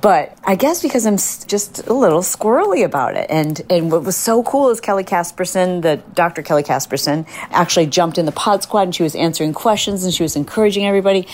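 A woman's voice: fairly low pitch, animated, quick pace, hardly any pauses, a little mellow. A middle-aged woman hosting a podcast, chatting casually and animatedly, now and then acting out quoted voices. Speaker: podcast host. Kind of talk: casual solo podcast chat.

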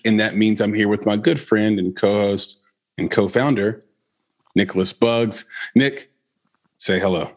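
A man's voice: on the low side, fairly even intonation, measured pace. A man hosting a podcast, chatting casually and joking with his co-host. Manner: joking, tells stories with funny voices.

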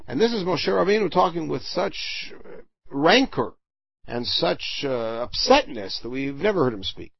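A man giving a verse-by-verse Torah lesson, reading Hebrew lines and explaining them in English, often pausing to search for words. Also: on the high side, big pitch swings, creaky, breathy edge, dry recording. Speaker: Torah teacher. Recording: dull, dry lo-fi recording.

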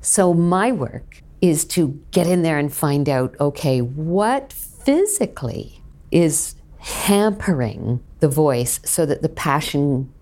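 A woman who is a voice coach, explaining her work in an interview in a measured, teacherly way. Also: low-pitched, animated, warm tone. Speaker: voice coach guest.

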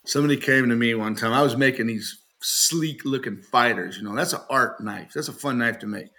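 Man, bright-voiced storytelling knifemaker. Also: medium pitch, a little fast. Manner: storytelling, joking, laughs often; acts out quoted people in raised voice. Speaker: knifemaker guest. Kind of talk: casual podcast chat.

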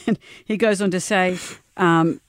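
A woman's voice: lowish voice, fairly even intonation, slow pace. An Australian woman co-hosting a radio show, chatting casually and reading out quotes with mock drama. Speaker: radio co-host.

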